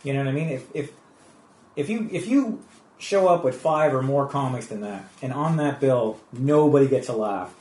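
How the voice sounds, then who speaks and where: Canadian stand-up, chatty rambling guest voice, echoey room. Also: male voice, mid-range voice, lively intonation, normal speed, a little mellow. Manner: rambling storyteller with many restarts. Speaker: guest comedian. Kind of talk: casual podcast interview.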